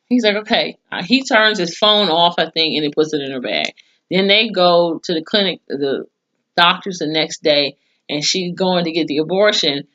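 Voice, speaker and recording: A woman's voice: lowish voice, muffled recording. Blunt, profane woman recapping a show. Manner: blunt, profane, animated retelling with mock quotes. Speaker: TV show reviewer. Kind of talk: casual recap vlog.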